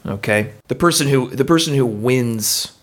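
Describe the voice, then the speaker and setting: A man's voice: mid-range voice, normal speed. A man hosting a game segment in casual podcast chat, hesitant with many fillers as he explains the rules.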